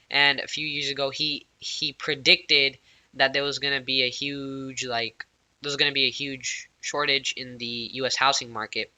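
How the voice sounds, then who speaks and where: A man giving casual, excitable tech news commentary as a YouTuber, rambling with plenty of fillers. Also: medium pitch.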